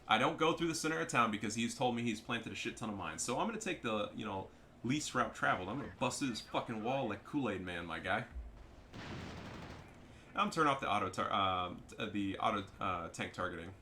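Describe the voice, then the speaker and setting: A young man giving casual, profane, excitable commentary over his own strategy game match. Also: lowish voice, a little fast, slight background noise. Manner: profane, excitable, trash-talking. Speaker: gameplay commentator.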